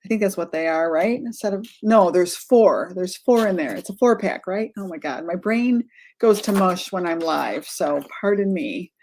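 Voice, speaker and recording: A woman's voice: on the low side, expressive, normal speed, darkish tone, slight background noise. Chatty middle-aged woman hosting a live craft stream. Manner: chatty, friendly, greets viewers by name, sidetracks and self-corrects. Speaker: art tutorial host.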